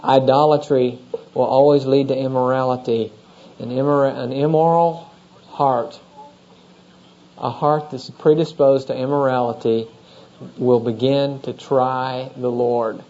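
Male pastor, mid-pitched and warm, working through scripture with asides to the congregation, dull lo-fi recording. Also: level tone, measured pace. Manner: conversational, asks the congregation questions. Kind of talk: expository sermon.

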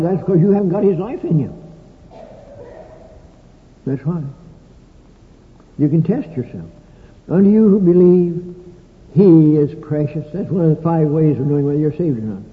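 An older male preacher delivers a sermon in a folksy, storytelling style with dry, humorous asides. His voice is a little high, and the tinny sound, like an old recording, carries a long echo from a large hall.

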